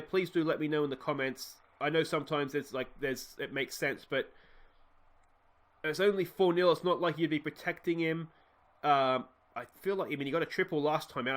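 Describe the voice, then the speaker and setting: A man's voice: fairly high pitch, fairly bright tone. An Australian man hosting a let's play, giving casual game commentary with chatty, wry asides to the players.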